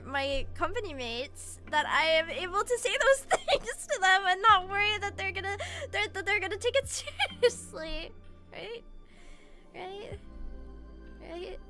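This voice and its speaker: A young adult woman streamer chatting casually with her chat, gushing and giggling often, swinging from soft mumbles to shrieks. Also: extremely high pitch. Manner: gushing, giggly, frequent laughter.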